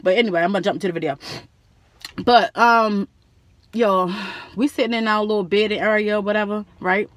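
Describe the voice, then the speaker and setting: Slangy animated woman vlogger. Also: medium pitch, a little fast, long pauses, dry recording. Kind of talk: casual storytelling to camera.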